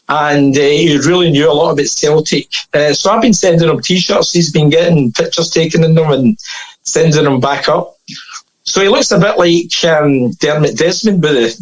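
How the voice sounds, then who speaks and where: A Scottish man spinning a story on a podcast, with a slightly high voice. He talks casually and laughs as he goes. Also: poor audio. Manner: lively storyteller, laughs at his own tales. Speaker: podcast guest. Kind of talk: casual anecdote telling.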